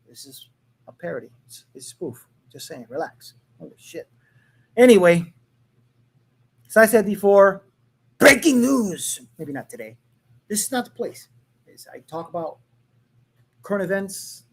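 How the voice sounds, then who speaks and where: Sarcastic man with a lively, swinging voice. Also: on the high side, slightly rough. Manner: sarcastic and mocking, swears freely; reads headlines aloud with jokey asides. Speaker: podcast host. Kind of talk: casual political commentary.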